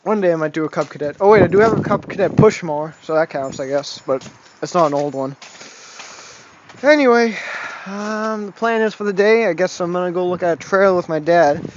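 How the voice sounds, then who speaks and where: Speaking a little fast in a voice that sits high, this young man from Massachusetts rambles and curses through a casual vlog, laughing about his encounters with police. It was captured as dull, lo-fi home video audio carrying faint noise.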